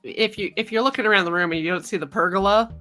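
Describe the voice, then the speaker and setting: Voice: medium pitch, quick pace, bright, forceful tone, faint music behind. A co-host on a casual stream, asking curious questions and making playful jokes. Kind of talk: casual chat.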